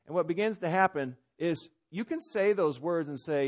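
A man preaching a sermon from a church stage, conversational, swinging between loud emphasis and quiet asides. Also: a little high, lively intonation, fairly quick, hardly any pauses. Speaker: pastor.

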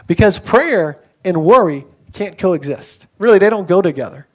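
High-voiced lively man preaching. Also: normal speed. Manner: conversational, animated storytelling with acted quotes. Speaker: pastor. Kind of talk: sermon.

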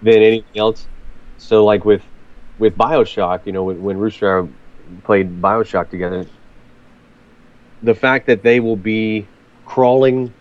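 A man's voice: on the low side, fairly even intonation, a little slow, pauses often, highs cut off. A man chatting casually about games, often repeating words as he starts sentences. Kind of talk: casual chat.

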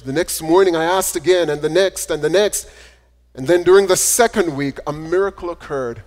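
A male preacher giving a sermon, reading a story aloud and then preaching with gentle repetition. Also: on the high side, normal speed. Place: church sanctuary. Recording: echoey hall reverb.

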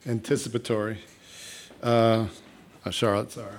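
A man's voice: mid-range voice, steady tone, moderate pace, gravelly, slight background noise. A man hosting a live stage show, chatty and self-deprecating as he talks to the audience. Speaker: show host.

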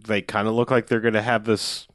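A man's voice: fairly low pitch, level tone, a little fast, a bit bright, no echo, clean studio sound. Rambling man full of fillers. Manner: rambling, many fillers, corrects himself. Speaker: podcast co-host. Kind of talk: casual film recap chat.

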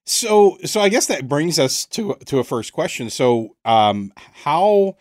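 A man with a lively, up-and-down voice leads the interview with relaxed, curious questions. The sound is dry and close. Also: on the high side, slow pace, no echo. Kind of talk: casual interview chat.

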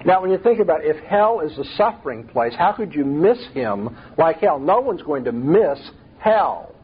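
A man's voice: fairly high pitch, sing-song, moderate pace, breathy edge, phone-quality sound. A man preaching a sermon, emphatic and full of rhetorical questions.

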